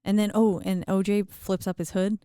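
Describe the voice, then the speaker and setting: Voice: medium pitch, level tone, normal speed, mellow, clear, resonant tone, no room sound, clean studio sound. A podcast co-host chatting enthusiastically about a film and filling in plot details. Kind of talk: casual movie recap chat.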